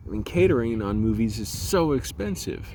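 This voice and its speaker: Man vlogger, casual outdoor ramble on a handheld camera, mid-pitched voice. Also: big pitch swings, moderate pace, a little mellow, slight background noise. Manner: rambling, chatty, laughs at himself. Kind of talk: casual vlog monologue. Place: outdoors walking around a complex.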